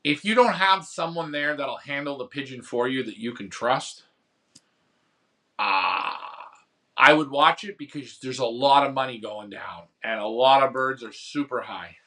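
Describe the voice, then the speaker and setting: A man's voice: mid-range voice, unhurried, sharp tone. A man hosting a pigeon racing show, telling a rambling story about an auction and answering viewer comments in casual chat. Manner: rambling storytelling, acts out phone bids. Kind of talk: casual live-stream chat.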